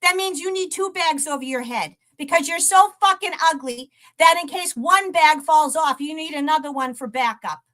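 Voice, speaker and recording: A woman speaks at a moderate pace with hardly any pauses, her high voice pushed and bright. She's ranting on her live stream, cursing, mocking and taunting a troll while laughing between jabs.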